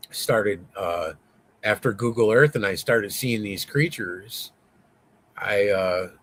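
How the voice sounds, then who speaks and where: A man with a fairly low voice tells his story in a loose, rambling way, swearing freely and leaning on fillers. He gets excitable as he talks, with a faint noise underneath. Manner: rambling, profane, lots of fillers. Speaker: interview guest. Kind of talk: casual interview storytelling.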